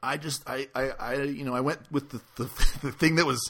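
A man hosting a podcast, telling a casual story in a rambling, halting way with lots of fillers. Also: mid-range voice, steady tone, bright, forceful tone. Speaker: podcast host.

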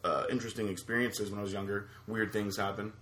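Give me a man with a lowish, bright voice, telling a story in halting, filler-heavy casual chat. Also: steady tone. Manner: rambling, halting with many fillers. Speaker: podcast co-host.

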